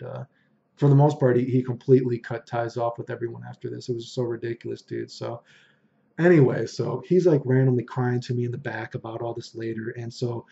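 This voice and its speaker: A man's voice: medium pitch, vocal fry, mellow, dull audio. A man casually telling a long story, rambling, swearing and getting heated as he goes. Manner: rambling, profane, heated retelling.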